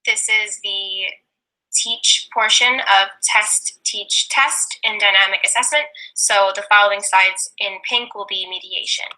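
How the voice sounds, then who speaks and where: A young woman demonstrating a reading lesson, sounding out words slowly and repeating them for a student. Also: mid-range voice, steady tone, pushed and bright, low-quality recording. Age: young adult. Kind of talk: slow, deliberate teaching demonstration.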